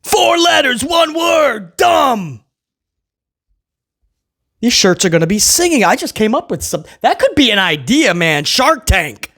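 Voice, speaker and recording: A man reviewing a wrestling show in casual, sarcastic commentary. His pitch swings widely as he mocks and chuckles at his own jokes. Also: big pitch swings, moderate pace, hardly any pauses, fairly bright tone. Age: adult who was a kid in the late 1990s.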